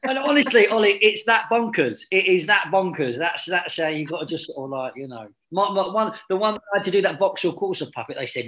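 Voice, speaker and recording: A man, an actor guest, chatting in an animated and rambling way and laughing often. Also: sits high, a little fast, hardly any pauses, slight background noise. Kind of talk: casual chat.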